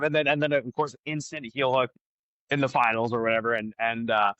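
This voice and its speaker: Bright, forceful-voiced man talking frankly. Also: mid-range voice, level tone, a little fast, clear, resonant tone, dry recording, highs cut off. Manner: candid, frank, talks through his thinking with many fillers. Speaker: jiu-jitsu black belt and academy owner, guest. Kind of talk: casual podcast conversation.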